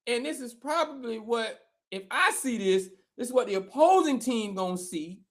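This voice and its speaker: A man, a former football player, co-hosting a live sports show, talking in an animated, emphatic, slangy way, often repeating himself. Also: very high-pitched, moderate pace.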